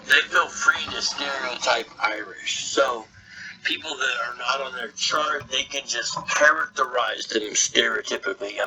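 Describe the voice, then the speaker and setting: A man giving live reaction commentary on a video as a streamer, animated and quick to laugh, with preachy asides. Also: medium pitch, far from the mic, low-quality recording.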